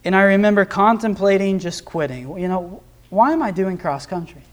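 Young male preacher, very high voice, earnest sermon delivery, pushes harder on scripture readings. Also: lively intonation, moderate pace. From Nebraska, USA. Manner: earnest, rises in emphasis when quoting scripture.

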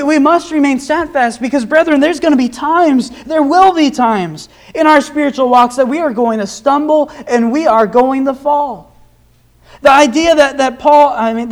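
Young male preacher, very high voice, earnest sermon delivery, pushes harder on scripture readings. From Nebraska, USA. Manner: earnest, rises in emphasis when quoting scripture.

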